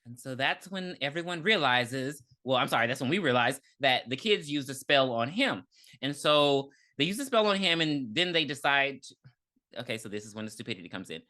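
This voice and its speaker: A woman co-hosting a casual podcast, recapping an episode in slangy, animated chat, often laughing and acting out the characters' lines. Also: a bass voice, normal speed. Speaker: podcast co-host.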